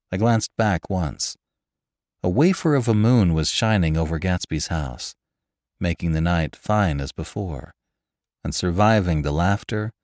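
Low, expressive male audiobook narrator. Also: no room sound, clean studio sound. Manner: measured, expressive reading. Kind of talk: scripted narration of a classic novel.

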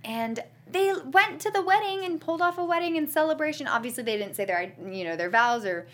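A woman's voice: high voice, lively intonation, fairly quick, a bit bright. Chatty young woman recapping an episode. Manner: chatty, giggly, acts out quotes in shifting voices. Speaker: podcast co-host recapping a TV episode. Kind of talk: casual chat.

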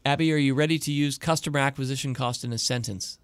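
A man's voice: mid-range voice, fairly even intonation, quick pace, clean tone, dry recording. A man hosting a podcast, running a playful quiz with guests in a teasing, upbeat way. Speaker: podcast host. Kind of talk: casual podcast chat.

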